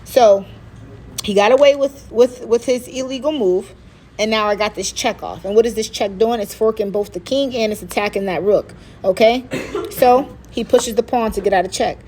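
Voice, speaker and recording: Excited woman recapping a chess game. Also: a little high, normal speed, slight background noise. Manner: excited, repeats herself for emphasis. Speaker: chess player. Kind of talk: casual chess vlog commentary.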